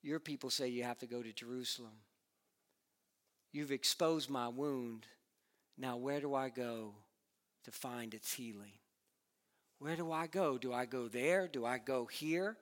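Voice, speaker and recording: A man preaching a sermon, voicing a broken, ashamed woman who asks in a soft, pleading voice where to find healing. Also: mid-range voice, unhurried, long pauses, voice pushed down, natural voice.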